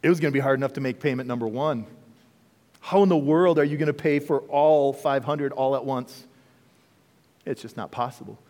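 A male pastor preaching a sermon, animated and full of rhetorical questions to the congregation. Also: medium pitch, fairly quick. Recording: long reverb of a large hall.

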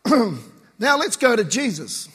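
A man with a high, slightly husky voice preaches in a loose, conversational way, full of slang. His voice rings out with the long reverb of a large hall. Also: very animated, a little slow, fairly bright tone. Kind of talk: casual sermon.

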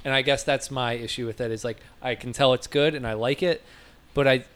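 A man's voice: medium pitch, steady tone, a little fast, a bit bright, a little hiss or hum. A man co-hosting a casual podcast, giving frank, wry opinions on albums with many restarts. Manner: candid, hesitant, wry. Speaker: podcast co-host. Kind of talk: casual chat about music records.

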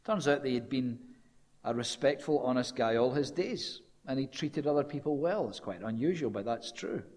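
A man preaching a sermon, telling the story with animation and dropping low and quiet when quoting. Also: animated, normal speed, big-room sound.

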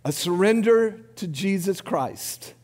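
A man's voice: high-pitched, expressive. A man preaching a sermon, giving a numbered list with rising emphasis and then leading the congregation in prayer. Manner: preaching with rising emphasis and a quiet, slowed close. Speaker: pastor. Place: church sanctuary. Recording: long hall reverb.

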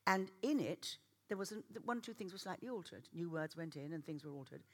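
A middle-aged woman preaching a sermon, animated and self-mocking, often laughing as she tells stories. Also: fairly low pitch, fairly quick.

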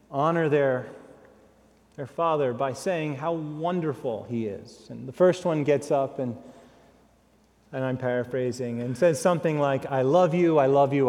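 This guest preacher speaks in a medium pitch with a darkish tone, performing his sermon dramatically and voicing the people in his story. A long reverb from the hall surrounds his voice.

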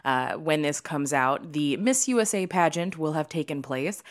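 A woman co-hosting a casual podcast, talking in an animated way with frequent laughs and quick asides. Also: sits low. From Midwest of the United States. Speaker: podcast co-host.

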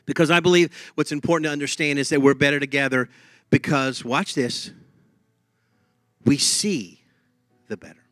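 Bright-voiced preacher in a dry room. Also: male voice, on the high side, moderate pace, long pauses, dry recording, soft background music. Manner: lively, humming tunes and laughing. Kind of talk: sermon.

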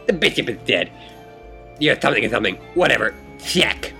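A man's voice: mid-range voice, big pitch swings, brisk, creaky, pushed and bright, soft background music, full character voice. A man voicing a stubborn male chess player who grumbles and refuses to admit defeat. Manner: grumbling, dismissive.

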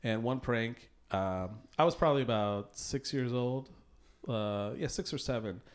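A man co-hosting an improv podcast, telling childhood stories in a casual, deadpan way with laughs. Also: medium pitch, a little slow. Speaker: podcast co-host. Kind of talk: casual chat.

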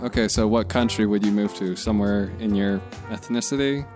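A man co-hosting a podcast in casual chat, making dry, deadpan quips. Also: on the low side, a little fast, soft background music. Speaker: podcast co-host.

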